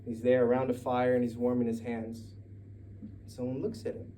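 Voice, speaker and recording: A Mexican American man tells a story at a live event, chatty and prone to laughing asides. His voice is mellow and dark at a middle pitch. The mic sits at a distance, and a faint ambience hangs behind him. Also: flat delivery, normal speed, slight background noise. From United States. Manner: conversational, digressive, laughing asides. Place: live story night venue.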